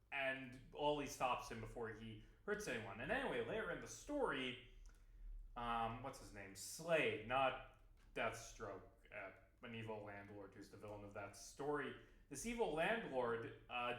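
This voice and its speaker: A man's voice: medium pitch, sing-song, unhurried, fairly bright tone. Rambling man in an echoey room. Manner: rambling, swears casually, many fillers and restarts. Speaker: video game vlogger. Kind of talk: casual rambling commentary over gameplay.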